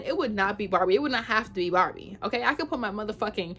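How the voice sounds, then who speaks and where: A young woman vlogger telling a storytime in casual, animated chat, full of "like". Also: a little high, quick pace, hardly any pauses, slight background noise. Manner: chatty, animated, says "like" a lot.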